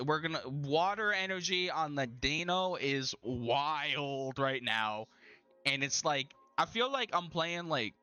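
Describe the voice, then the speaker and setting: A young man narrates his own card game in a loose, slangy running commentary, dramatic and exasperated. His voice is bright and forceful at an ordinary pitch. Faint music plays underneath. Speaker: gaming channel host.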